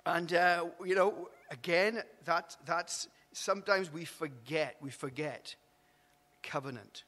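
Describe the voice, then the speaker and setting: A man's voice: fairly high pitch, takes it slowly, bright, forceful tone, in a large hall. A man preaching a sermon in a conversational way, restarting words and asking "isn't it?". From Wales. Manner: conversational, repeats and restarts words, asks tag questions. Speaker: pastor. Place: church hall.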